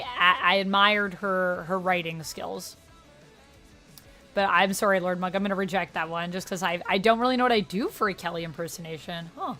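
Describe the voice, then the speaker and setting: A woman's voice: medium pitch, sharp tone. A woman hosting a casual livestream, chatting and answering viewers' messages aloud. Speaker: livestream host.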